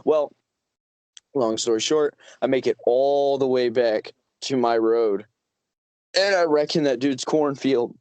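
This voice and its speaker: A man's voice: mid-range voice, measured pace, a little mellow, clear, resonant tone, no room sound. Profane young man telling a rambling story. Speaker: podcast co-host. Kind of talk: casual storytelling chat.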